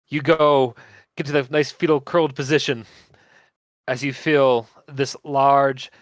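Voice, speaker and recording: A man's voice: medium pitch, dry recording. A man running a tabletop game as game master, narrating and laughing often.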